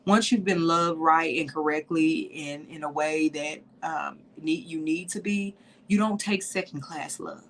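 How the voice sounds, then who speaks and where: A woman hosts a livestream talk for women, her voice teary and full of feeling as she speaks straight to her listeners. Her tone carries a gravelly vocal fry. A faint noise hangs in the background of the recording. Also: sits low, a little slow. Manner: heartfelt, tearful, addresses listeners as y'all. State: teary, sniffling. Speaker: podcast host.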